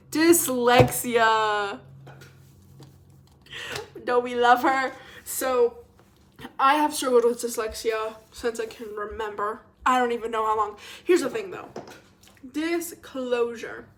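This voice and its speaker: Young female vlogger, slightly high voice, casual rambling chat. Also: measured pace, slight background noise. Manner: chatty, rambling, expressive, self-mocking.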